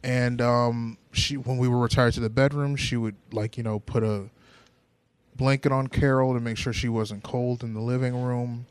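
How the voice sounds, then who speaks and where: A man's voice: medium pitch, fairly even intonation, normal speed, smooth, no echo. Young man, podcast co-host, hesitant rambling storyteller, casual chat. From Buffalo, New York.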